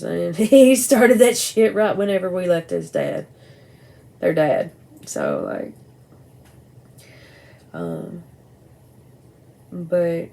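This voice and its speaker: Gravelly, candid woman rambling casually. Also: fairly low pitch, dark tone, slight background noise, rough recording. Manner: candid, rambling, blunt with swearing. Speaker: vlogger. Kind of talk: casual personal talk to camera. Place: at home by a window at night.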